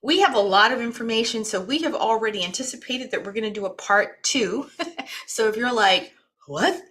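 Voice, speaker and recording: A woman's voice: fairly high pitch, fairly quick, fairly bright tone. A woman from the East Coast of the United States hosting a wellness program, chatty and talkative, introducing her guest in a casual live session. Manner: chatty, talkative, laughs often.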